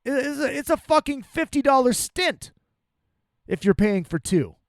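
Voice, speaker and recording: A podcast host ranting angrily and profanely about a restaurant, full of exasperation. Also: male voice, extremely high pitch, sing-song, normal speed, no echo, studio quality.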